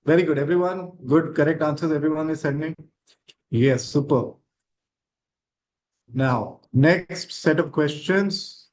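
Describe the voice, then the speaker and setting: A man's voice: on the high side, unhurried, long pauses, darkish tone, rough recording. A man teaching an online grammar class, encouraging students and checking with "right?".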